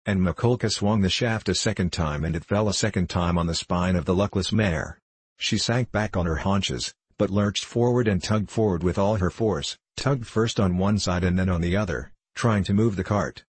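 Deep, husky male narrator. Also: moderate pace, no room sound. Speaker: audiobook narrator. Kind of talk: scripted narration of a classic novel.

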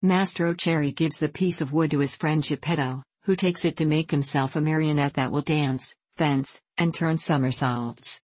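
A woman narrating a classic children's storybook in a measured, plain manner. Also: low-pitched, steady tone, a little mellow, no echo. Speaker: audiobook narrator. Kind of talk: storybook reading.

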